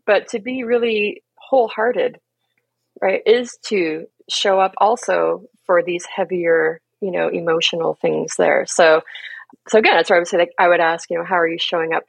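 A gentle, earnest woman coach speaking as a podcast guest. Her lowish voice carries a gravelly, husky edge, and she laughs easily between thoughts. The sound is close and dry, with no room around it. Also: dry recording, low-quality recording. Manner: gentle and earnest, laughs often, leans on "right?" and "you know". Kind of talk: reflective conversational talk.

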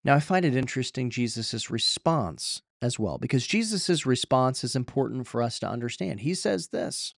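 A man's voice: medium pitch, sing-song, moderate pace, gravelly, no echo, studio quality. A man preaching a sermon, reading scripture and then urging listeners in an earnest, repetitive way with frequent restarts.

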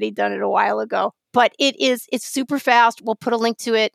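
A woman co-hosting a podcast in casual chat, an animated storyteller who restarts her sentences often. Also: a little high, brisk, vocal fry, hardly any pauses, no echo. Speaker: podcast co-host.

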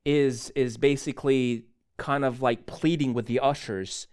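A male pastor tells a story in a sermon, animated and prone to restarting his sentences. His voice sits at an ordinary middle pitch. He speaks in a church. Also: unhurried, clear, resonant tone. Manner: animated, self-correcting storyteller.

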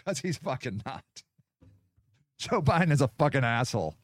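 A man hosting a podcast, delivering a profane, combative political rant that swings between loud jabs and muttered asides. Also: mid-range voice, very animated, moderate pace, no room sound, studio quality. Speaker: podcast host.

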